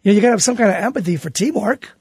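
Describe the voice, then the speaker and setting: A middle-aged American man, a teacher and author, talking as a radio interview guest in an animated, emphatic way and often restarting his words. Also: high-pitched, rapid-fire, breathy edge. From United States.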